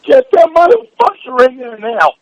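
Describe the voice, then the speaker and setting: Furious high-voiced man, sore from shouting. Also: big pitch swings, normal speed, no room sound, lo-fi sound. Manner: furious, shouting, heavy swearing. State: sore, strained voice. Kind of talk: heated private argument.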